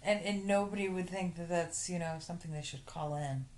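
A woman's voice: fairly low pitch, brisk, darkish tone. A woman co-hosting a casual chat, adding wry, opinionated comments. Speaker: podcast co-host.

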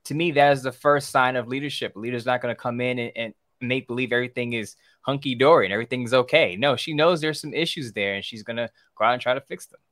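A man's voice: medium pitch, fast, few pauses, a bit bright, no echo, studio quality. A man co-hosting a sports podcast, giving frank, opinionated takes. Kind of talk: casual sports talk.

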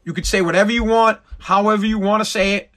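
A man with a radio background, talking in an animated, emphatic rant and swearing freely. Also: sits high, fast. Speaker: radio personality. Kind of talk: casual profane rant.

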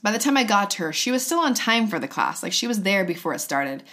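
A woman's voice: medium pitch, sing-song, fast, bright, forceful tone. A woman in her thirties telling an emotional personal story in casual chat, often acting out what others said. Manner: emotional, quoting others in raised voices. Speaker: host sharing a personal story.

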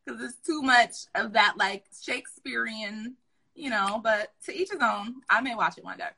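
A woman's voice: on the high side, moderate pace, vocal fry, sharp tone, husky. A woman in casual podcast chat, laid-back and wry.

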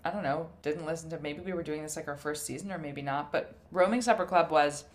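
A young woman with a slightly low voice co-hosts a food podcast in easygoing chat. She tells animated stories, swears freely and laughs often. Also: fast talker. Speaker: podcast co-host. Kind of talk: casual chat.

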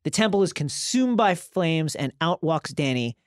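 A male podcast co-host recaps an episode in casual chat, joking, swearing and acting out quotes. His voice is a little high with lively intonation and a moderate pace, recorded in clean studio sound with no room sound.

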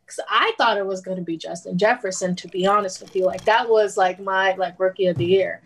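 A woman's voice: medium pitch, fairly even intonation, a little fast, slightly rough, poor audio. A woman co-hosting a casual sports podcast, ranting heatedly about an award and laughing between points. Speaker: podcast co-host.

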